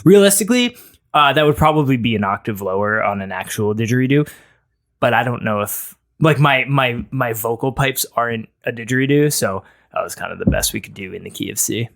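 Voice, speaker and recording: Male co-host, rambling and playful, hesitant delivery, mid-pitched voice. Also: brisk, creaky, fairly bright tone. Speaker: podcast co-host. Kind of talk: casual comedic chat.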